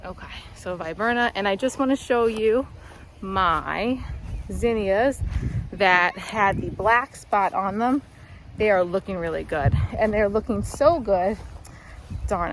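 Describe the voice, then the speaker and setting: Woman farmer, casual upbeat vlog, a bit out of breath, medium pitch, faint outdoor hiss. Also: low-quality recording. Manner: chatty, upbeat, talking while walking the rows. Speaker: flower farmer. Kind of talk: casual walk-through vlog. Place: outdoors on a flower farm.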